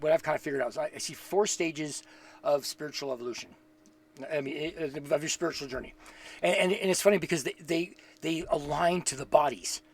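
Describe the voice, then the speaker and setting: A man giving a casual spiritual talk, earnest and reflective, who rambles, thinks aloud and repeats words as he goes. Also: fairly high pitch. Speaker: spiritual teacher.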